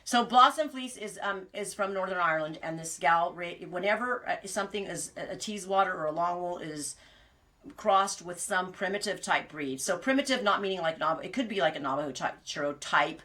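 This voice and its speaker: Woman podcast host, bright voice, rambling storyteller who laughs at her own jokes. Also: lowish voice, animated, normal speed. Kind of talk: casual chat.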